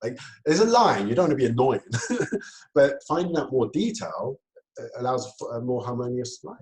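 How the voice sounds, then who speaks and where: A man giving a talk on communication, lively, laughing often and acting out quoted exchanges. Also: mid-range voice, normal speed, rough recording. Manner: lively, laughs between points, acts out quoted dialogue. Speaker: speaker.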